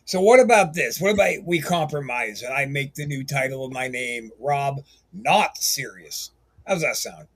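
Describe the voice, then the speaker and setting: A man's voice: mid-range voice, animated, normal speed, a bit bright. A man hosting a podcast, chatting casually and joking around, swearing loosely. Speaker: podcast host. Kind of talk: casual chat.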